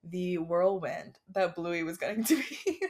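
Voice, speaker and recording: A woman's voice: fairly low pitch, expressive, slow, darkish tone. An American woman co-hosting a podcast, chatting casually in a playful, teasing way and laughing often. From United States. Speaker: podcast co-host. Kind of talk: casual chat.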